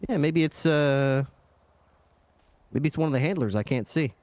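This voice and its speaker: A man playing a polite police dog-unit supervisor in a game role-play, halting with many pauses and ums. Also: on the high side, darkish tone, no echo, lightly acted.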